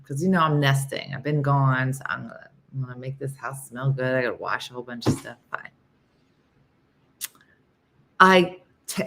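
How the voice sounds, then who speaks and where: Woman, deep-pitched, rambling live-stream chat, talks to viewers by name, casual storytelling. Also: a bit bright. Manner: chatty, rambling, reads viewer comments aloud. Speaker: live show host.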